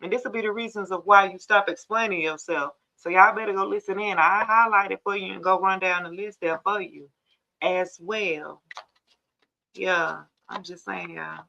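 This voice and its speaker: A woman's voice: medium pitch, animated, normal speed, bright, forceful tone. A woman hosting a casual live tarot reading, chatting straight to viewers and calling them y'all, on dull lo-fi stream audio.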